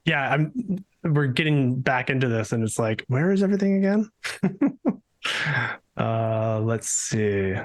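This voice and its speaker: A man's voice: mid-range voice, lively intonation, slow. A man playing in a tabletop game, chatting casually with a hesitant, agreeable manner. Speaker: player.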